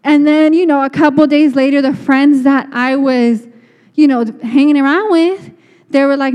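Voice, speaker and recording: A woman's voice: high voice, normal speed, a little mellow. A woman giving an earnest, conversational sermon with many restarts. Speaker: speaker. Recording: long reverb of a hall.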